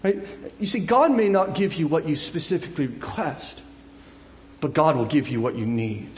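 A man in his thirties delivers a sermon in a bright, high voice, speaking casually with restarts and jokes. He swells into loud, emotional cries at key moments. The sound carries the echo of a large hall. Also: normal speed, slight background noise. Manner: conversational, frequent restarts and asides, rising to loud emotional cries. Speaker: pastor.

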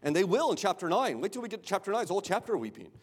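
Male pastor, sermon, high voice, rhetorical questions, repeats words, long hall reverb. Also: sing-song, very fast, slightly rough. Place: church sanctuary.

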